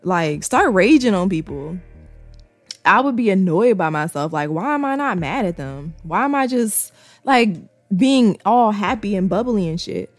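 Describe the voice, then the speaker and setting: A woman's voice: medium pitch, lively intonation, normal speed, dry recording, soft background music. Candid, profane woman talking to viewers. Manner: candid, profane, repeats key lines for emphasis. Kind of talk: casual monologue to viewers.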